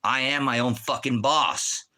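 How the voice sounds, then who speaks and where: A man's voice: medium pitch, steady tone, unhurried, pushed and bright. A middle-aged man ranting angrily from his rural home, swearing heavily as he preaches online. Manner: profane, fiery, heavy swearing. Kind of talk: angry ranting monologue.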